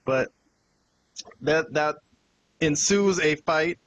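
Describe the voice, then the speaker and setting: A man's voice: a little high, very slow, low-quality recording. A man hosting a podcast, casually recapping a wrestling show and acting out the quoted lines as he tells it. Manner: animated retelling with quoted dialogue. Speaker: podcast host.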